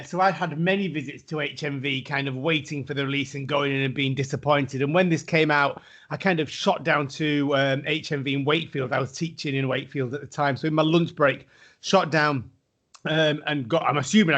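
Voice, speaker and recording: A middle-aged man with a slightly high voice tells a story in a casual podcast chat. He is lively and acts out the people he quotes. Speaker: podcast co-host.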